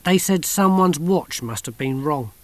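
A rambling old grandfather, played by a male narrator, proud of his old exploits, with a raised, slightly lifted pitch. The reading is dry and close to the mic, with a storybook feel. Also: animated, a little slow, no room sound. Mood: reminiscing. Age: older.

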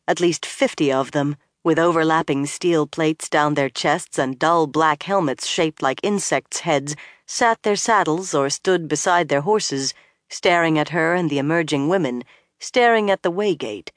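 A narrator reading a fantasy novel aloud in a steady, measured manner. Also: mid-range voice, dry recording, studio quality. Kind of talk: audiobook narration.

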